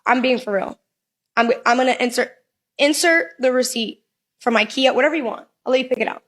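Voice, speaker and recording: Higher-voiced woman, teasing, quick, playful casual chat. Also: a bit bright. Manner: teasing, fast and generous.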